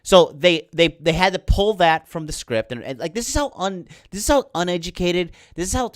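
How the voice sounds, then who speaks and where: A man's voice: sits high, animated, moderate pace, no room sound, clean studio sound. A man hosting a livestream and ranting in a heated, profane, rambling way, sleepless late at night. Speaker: podcast host.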